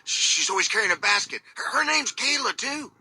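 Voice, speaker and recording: A man's voice: high-pitched, expressive, brisk, over a noisy crowd, rough recording. An actor voicing a terrified man held at gunpoint in a video game, stammering in panic.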